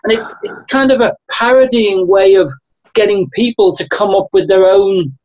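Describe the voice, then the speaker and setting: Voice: mid-range voice, normal speed, lo-fi sound. A guest speaker with a Liverpool accent, working as a motivational coach, talking in a rambling way with lots of restarts. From Liverpool, England. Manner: rambling, restarts phrases, animated storytelling. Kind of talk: casual interview chat.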